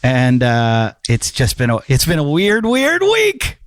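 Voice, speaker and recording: A man's voice: mid-range voice, huge pitch swings, unhurried, no room sound, clean studio sound. A man hosting a casual podcast, rambling through his intro with lots of fillers and self-mocking asides. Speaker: podcast host.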